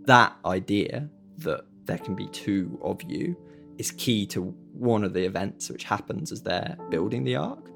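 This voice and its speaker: Low, gravelly man in chat. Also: big pitch swings, unhurried, a bit bright, soft background music. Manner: reacting with short interjections, analytical. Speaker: podcast co-host. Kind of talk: casual chat.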